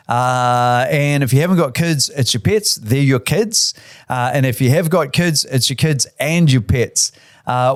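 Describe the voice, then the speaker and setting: A man's voice: a little high, no room sound, clean studio sound. Chatty man giving tips. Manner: enthusiastic, chatty, lots of "uh" fillers. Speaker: real estate CEO and auctioneer giving tips. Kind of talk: casual instructional talk.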